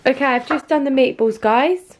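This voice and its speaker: A young woman talks straight to her viewers in a chatty, giggly vlog. Her voice sits a little high, and music plays clearly underneath. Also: normal speed. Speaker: vlogger. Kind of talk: casual vlog chat.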